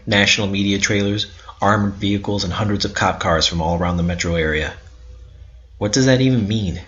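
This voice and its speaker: A man's voice: on the low side, a bit bright. A man giving an intense, bitter first-person narration of a story. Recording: dull lo-fi recording.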